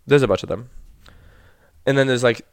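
A man's voice: mid-range voice, normal speed, no room sound. A man from Florida talking casually on a podcast, recorded close and dry with little room sound. He teases his co-host good-naturedly. He trails off into rambling, restarted sentences. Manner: rambling, hesitant, teasing. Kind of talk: casual chat.

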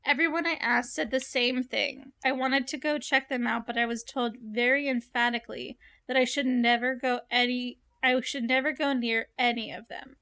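Young woman, high voice, casual podcast chat, animated, curious, swears casually. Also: normal speed, few pauses. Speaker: podcast host reading and reacting to a story. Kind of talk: casual chat with story reading.

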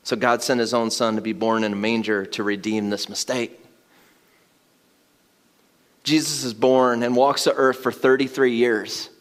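A man delivers a sermon with the relaxed tone of a chat. His voice sits at a medium pitch. At points it rises into loud, excited emphasis broken up by laughter. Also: unhurried, long pauses. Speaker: pastor.

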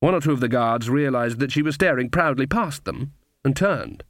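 A man narrating an audiobook in a measured, wry storytelling manner, recorded close to the mic. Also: mid-range voice, expressive, a bit bright, no echo.

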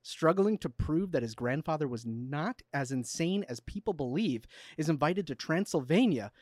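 Goofy male co-host, lively voice. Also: fairly high pitch, normal speed, no room sound, clean studio sound. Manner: goofy, reads synopses in a flat solemn tone. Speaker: podcast co-host. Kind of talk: casual movie podcast banter.

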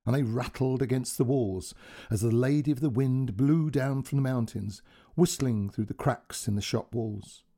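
A man narrating a gentle storybook tale in a soft, expressive way. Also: mid-range voice, normal speed.

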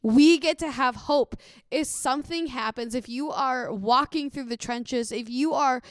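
A woman's voice: high voice, a little slow, smooth, no room sound. A young woman on a faith podcast, earnest and encouraging, reading scripture aloud. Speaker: podcast co-host.

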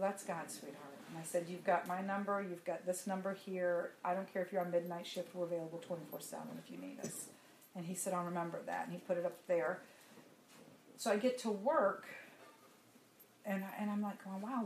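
A woman's voice: fairly low pitch, a little fast, slight background noise. A woman, telling a personal testimony to a congregation in a conversational, storytelling way. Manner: conversational storytelling, animated when laughing. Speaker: church speaker giving testimony. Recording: echoey room with faint ambience.

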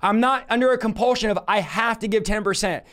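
High-voiced animated male Bible teacher. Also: fast. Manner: emphatic, repeats phrases for stress; animated, jokes with viewers.

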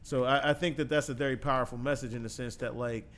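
A man in the host's chair, middle-pitched and easy, who thinks aloud and affirms his guest often. His speech is loose and casual, full of "like" and "yo" as he builds his point. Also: fairly even intonation, quick pace, a bit bright. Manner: thoughtful, affirming, many fillers like "like" and "yo". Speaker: podcast host. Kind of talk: reflective podcast conversation.

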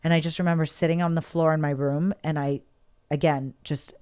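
A woman with a slightly low voice tells a personal story candidly. She rambles and repeats herself, with emotion running through her talk. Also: steady tone, fairly quick, a little mellow, clear, resonant tone. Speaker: guest.

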